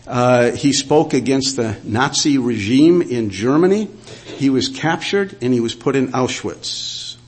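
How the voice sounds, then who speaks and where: A man's voice: medium pitch, darkish tone, husky. A man preaching a sermon. He reads scripture aloud and tells stories earnestly, with frequent "uh" and "um". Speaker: pastor.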